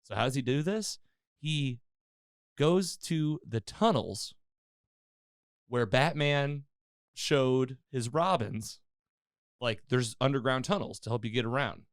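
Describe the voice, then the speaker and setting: In studio-quality audio with no room sound, a podcast host with a mid-range voice recaps a TV episode at an unhurried pace, pausing often. He retells it casually and with energy, performing the characters' dialogue.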